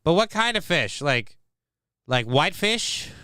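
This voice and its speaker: A man's voice: a little high, sing-song, unhurried, pushed and bright, a little hiss or hum. A man hosting a livestream, reading news stories aloud to his chat and cutting in with sarcastic, profane jokes. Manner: sarcastic, profane, joking asides. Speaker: livestream host.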